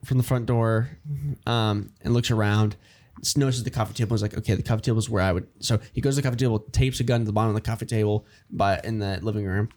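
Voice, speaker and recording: A man's voice: lowish voice, fairly even intonation, fast, a little mellow. A man casually brainstorming a story idea with friends, rambling with many fillers and restarts and acting out the characters' lines. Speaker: writer pitching a story idea.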